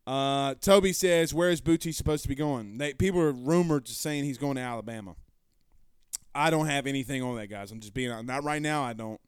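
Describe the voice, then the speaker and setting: A man hosting a sports talk stream, reading viewer comments aloud and answering them in a loud, passionate, blunt way with some swearing. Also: medium pitch, brisk, clear, resonant tone, no echo, studio quality. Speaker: sports show host. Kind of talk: live-stream chat reading.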